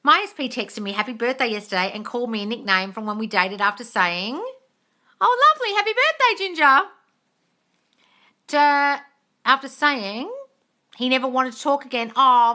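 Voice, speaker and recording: A woman's voice: on the high side, quick pace, bright, forceful tone. A woman answering chat questions on a live stream, blunt and sweary, calling her viewers darling. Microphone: phone on a live stream.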